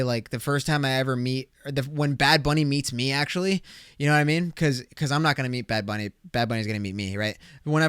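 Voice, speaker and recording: A young man hosts a casual solo podcast, rambling in a crude, excitable way, full of slang and swearing. His voice is smooth and a little high for a man. It sits close and dry on the mic. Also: no room sound. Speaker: podcast host.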